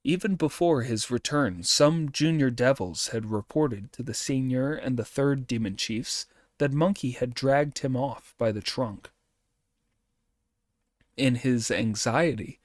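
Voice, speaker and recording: A man narrating an audiobook in an expressive reading. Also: mid-range voice, dry recording, studio quality.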